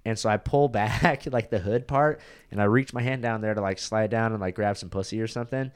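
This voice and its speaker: A man's voice: on the low side, fairly quick, clear, resonant tone. Rambling, crude young man telling a story. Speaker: comedian guest. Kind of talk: casual storytelling chat.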